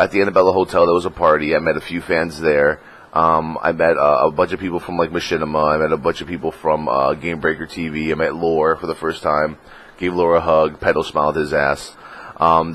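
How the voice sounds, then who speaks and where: A young man with a deep, slightly husky voice tells a casual vlog story. He swears constantly and jumps into a high pitch whenever he quotes someone. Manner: excitable, profane, acts out quotes in a high voice. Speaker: gaming vlogger.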